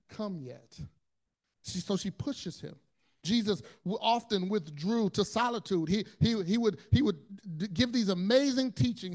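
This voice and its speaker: A man with a notably high voice delivers a sermon in an earnest, storytelling way. He often stumbles over his words, repeating and restarting them. His delivery moves between quiet, low stretches and loud, intense bursts. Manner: swings between hushed low passages and loud, intense ones. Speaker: pastor.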